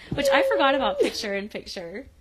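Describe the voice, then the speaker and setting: A woman's voice: high-pitched, huge pitch swings, normal speed, husky. A woman co-hosting a podcast, casually retelling a TV episode scene by scene and acting out the characters' lines with laughs. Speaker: podcast co-host. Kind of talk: casual recap chat.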